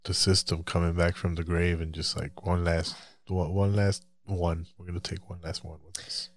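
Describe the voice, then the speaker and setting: A man's voice: low-pitched, flat delivery, moderate pace. A man co-hosting a podcast, reacting bluntly to news clips with frequent swearing and laughter. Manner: blunt, profane, laughs a lot. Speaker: podcast co-host.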